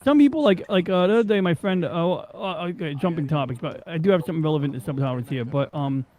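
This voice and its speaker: Rambling New man, fairly high voice. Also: quick pace, a little mellow, rough recording. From New York. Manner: rambling, digressive, swears freely, many fillers. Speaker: podcast host. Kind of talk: casual rambling chat.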